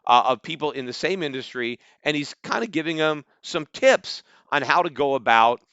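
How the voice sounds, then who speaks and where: A man's voice: on the high side, normal speed, a bit bright, clear, resonant tone, no room sound, dull audio. A middle-aged American man hosting a podcast, giving combative, sarcastic solo commentary and often asking "right?". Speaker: podcast host.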